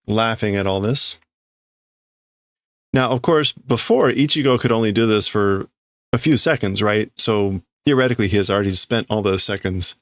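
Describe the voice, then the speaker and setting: A man's voice: on the low side, fairly even intonation, normal speed, a bit bright, no echo, clean studio sound. A man livestreaming as he reads and translates manga in a casual way, thinking aloud and often stopping to correct himself.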